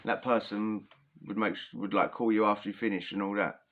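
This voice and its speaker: A man's voice: lowish voice, flat delivery, a little fast, narrow, tinny audio. A young man casually telling a prison story, chatty and full of slang, often breaking into laughter.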